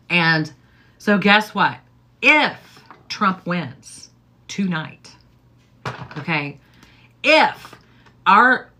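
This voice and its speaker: She's a middle-aged livestream host, talking casually as she gets ready and wandering from point to point with plenty of "okay?" and "like." There's a bright, sharp edge to her otherwise low voice.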